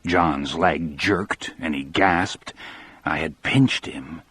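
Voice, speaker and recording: Man, first-person audiobook narration, low husky voice, dry close sound, steady. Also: slow, dry recording.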